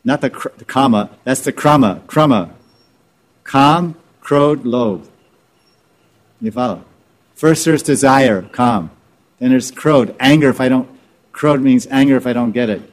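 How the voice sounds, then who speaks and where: A man's voice: medium pitch, a little slow, pauses often. A man teaching scripture informally, repeating and restarting words as he explains terms. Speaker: spiritual teacher.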